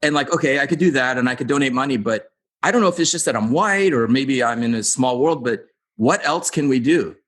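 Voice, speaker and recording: A man's voice: mid-range voice, animated, fairly quick, a bit bright. A man hosting a podcast interview, talking earnestly and thinking aloud as he asks his questions. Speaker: podcast host. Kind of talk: casual interview chat.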